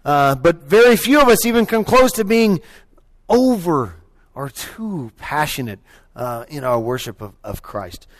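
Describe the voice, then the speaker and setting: A male pastor preaching a sermon in a conversational way, often restarting and saying "you know", swinging from loud cheering bursts to quiet reflective stretches. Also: fairly high pitch, very animated, unhurried.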